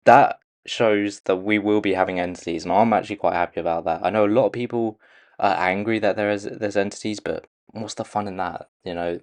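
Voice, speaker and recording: A man with a fairly low-pitched voice gives a casual spoken analysis to his viewers. He hesitates often, filling gaps with "um" and circling back to restart his sentences. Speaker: video creator analysing a movie trailer. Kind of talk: casual commentary.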